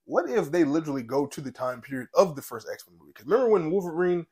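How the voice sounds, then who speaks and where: A man's voice: a little high, big pitch swings, fast talker, a little mellow, husky. A young man co-hosting a podcast, chatting casually and animatedly, swearing freely and retelling TV scenes with feeling. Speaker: podcast co-host. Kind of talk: casual chat.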